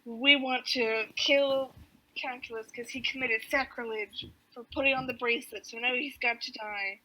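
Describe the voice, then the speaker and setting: Woman doing a slow menacing henchman. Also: a little high, steady tone, pushed and bright, rough recording.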